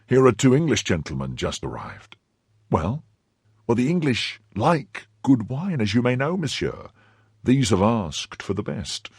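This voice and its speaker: A man's voice: fairly low pitch, darkish tone, slightly rough, dry recording, clean studio sound. A man doing a plaintive, anxious innkeeper. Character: anxious middle-aged male innkeeper, complaining.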